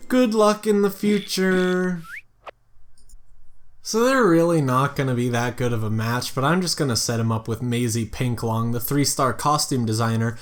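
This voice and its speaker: A man's voice: medium pitch, a little fast, few pauses. Tired man rambling through game commentary. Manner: rambling, jokey asides, thinks aloud. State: tired late at night. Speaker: let's play host. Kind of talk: casual gameplay commentary.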